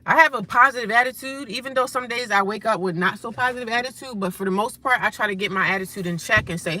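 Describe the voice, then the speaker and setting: Woman, vlogger, casual talk to camera, frank and emphatic, bright voice. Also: fairly high pitch, quick pace, hardly any pauses. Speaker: vlogger living in a shelter.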